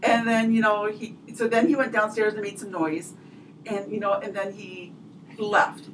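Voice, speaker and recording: A woman's voice: mid-range voice, level tone, moderate pace. A middle-aged woman guest in casual chat, telling stories in a rambling way. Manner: rambling, with many fillers and restarts. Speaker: podcast guest. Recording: distant mic with clear background noise.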